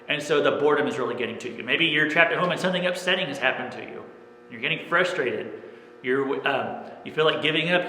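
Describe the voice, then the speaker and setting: A man's voice: fairly high pitch, bright, forceful tone, a little hiss or hum. A man preaching a sermon as pastor, earnest and plain, often checking in with "okay?". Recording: echoey room with long reverb.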